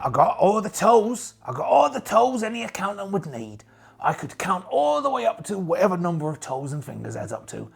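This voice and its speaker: Gravelly playful man in pirate voice. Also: a little high. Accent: put-on pirate accent. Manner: playful, rambling pirate talk with jokes and asides. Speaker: solo tabletop game player and narrator. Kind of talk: playing a pirate in a solo tabletop game, talking to the camera.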